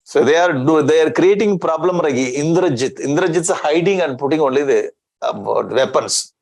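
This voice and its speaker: A man's voice: on the high side, moderate pace, darkish tone, low-quality recording. A man giving a scripture discourse as a swami, chanting Sanskrit verses and explaining them in with rhetorical questions.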